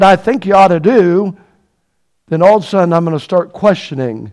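A man preaching in an earnest sermon voice that sits fairly high for a man. He presses his listeners with rhetorical questions and swells into loud, emphatic peaks. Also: expressive, moderate pace.

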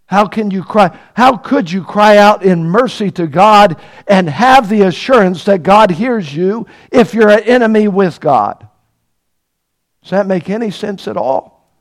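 A man preaching a sermon, asking the congregation rhetorical questions and building to loud, emphatic peaks. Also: high voice, expressive, a little slow.

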